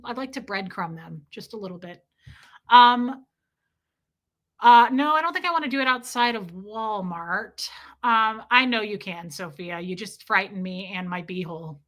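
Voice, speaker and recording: A woman's voice: a little high, bright, forceful tone. A woman hosting a livestream, chatting casually and reading viewer comments, with brash, crude joking. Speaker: livestream host.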